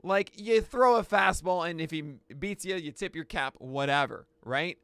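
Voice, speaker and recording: Guy geeking out over pitches, kinda high voice, dry close sound. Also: moderate pace, clear, resonant tone, no echo. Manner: excitable, bursts into shouts and laughs. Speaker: pitching analyst host. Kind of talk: excited play-by-play pitch breakdown.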